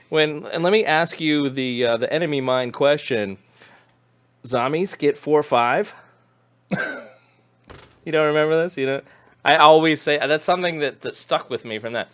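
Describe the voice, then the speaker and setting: Talking old films on a live stream, this middle-aged podcast co-host has a mid-range, fairly bright voice. His casual chat wanders, broken up by chuckles and frequent self-corrections.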